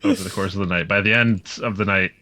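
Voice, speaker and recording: A man's voice: deep voice, fairly even intonation, fast talker, sharp tone, dry recording. A man playing a tabletop game, chatting and joking with the group. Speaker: player. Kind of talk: casual chat.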